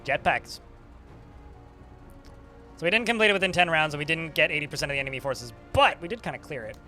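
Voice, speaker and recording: A man's voice: on the high side, lively intonation, fast, pushed and bright, faint music behind. A man casually commentating a strategy game while streaming, chatty and swearing now and then. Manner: chatty, swearing, talks to chat.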